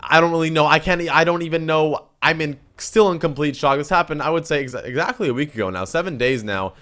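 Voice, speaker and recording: A young man from Canada, vlogging a story in casual chat, animated and swearing freely as he acts out what people said. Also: on the high side, fast.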